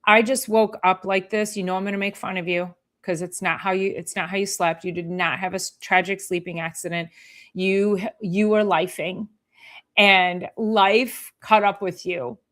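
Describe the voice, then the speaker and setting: A woman's voice: fairly low pitch, fairly even intonation, moderate pace, fairly bright tone. A woman chiropractor hosting a live health talk, chatting casually and acting out her patients with playful sing-song sounds.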